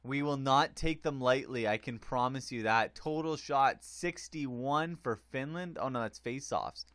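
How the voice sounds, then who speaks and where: A man giving casual, excitable commentary on a hockey video game tournament, rambling with many fillers. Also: medium pitch, unhurried, dry recording. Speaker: gaming commentator.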